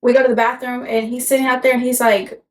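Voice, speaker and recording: Young woman, slightly high voice, casual rambling storyteller, swears a lot. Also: flat delivery, quick pace, poor audio. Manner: rambling, swears freely, laughs through her story. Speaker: podcast co-host.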